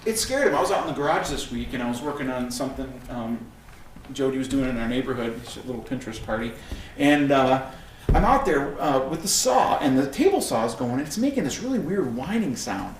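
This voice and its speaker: Animated male pastor in an echoey church. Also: mid-range voice, fairly quick. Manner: animated storytelling, acts out scenes. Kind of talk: sermon. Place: church sanctuary. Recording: echoey room from a distant mic, faint noise.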